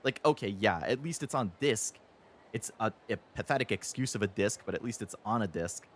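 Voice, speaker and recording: A young man in his twenties rants on his game stream, heated and profane, and mocks companies in sarcastic voices. His pitch swoops and jumps all over as he gets worked up. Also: lively intonation, a little fast. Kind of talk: ranting live-stream chat.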